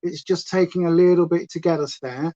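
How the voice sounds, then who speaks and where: A woman's voice: lowish voice, fairly even intonation, brisk, warm tone, highs cut off. A woman from Hampshire with a southern English accent and a touch of Essex twang, chatting loosely as she does her makeup on a livestream and reads out viewers' comments. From Hampshire, England. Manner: rambling, chatty, talks to viewers and her dog. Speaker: beauty livestream host. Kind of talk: chatty makeup livestream, reading chat aloud. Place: home.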